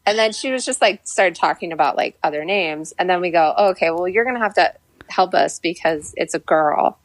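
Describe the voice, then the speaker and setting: A pregnant young woman co-hosting a podcast, chatting and telling a family story in an animated way. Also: fairly low pitch, fairly quick, dry recording. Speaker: podcast co-host. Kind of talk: casual chat.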